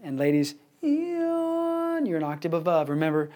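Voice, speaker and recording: A man teaching a vocal placement lesson, talking through exercises and singing example words for the class to copy. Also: fairly high pitch. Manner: slow, demonstrative, sings example words.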